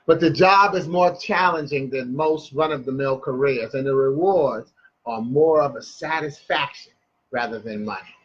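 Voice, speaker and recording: A man voicing a cool-headed, proud mother of four who speaks deliberately and stresses her words. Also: medium pitch, slightly rough, lo-fi sound, natural voice. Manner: calm, deliberate, emphatic.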